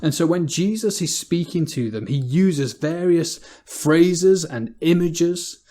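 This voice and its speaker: A man's voice: a little high, expressive, takes it slowly, warm tone. An English man preaching a sermon in a church, talking in a conversational way and often repeating words as he goes.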